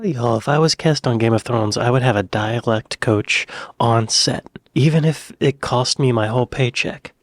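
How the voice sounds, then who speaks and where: A man's voice: medium pitch, no room sound, clean studio sound. An American man hosting a reaction video, chatty and joking in casual commentary. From United States.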